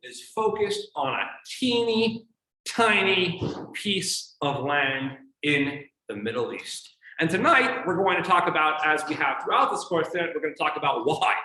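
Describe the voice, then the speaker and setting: A man's voice: a little high, animated, a little slow, pushed and bright, roomy sound, low-quality recording. A man teaching an evening class as a rabbi, addressing his audience in a showman-like way and telling jokes.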